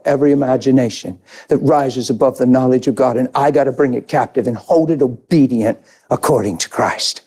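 High-voiced animated male pastor preaching. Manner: animated, swings from shouting to hushed. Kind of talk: sermon storytelling.

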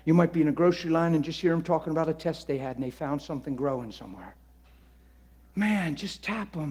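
A man preaching in an animated storytelling style, laughing and swinging between loud bursts and hushed asides. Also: fairly high pitch, fast, slightly rough. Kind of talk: storytelling sermon.

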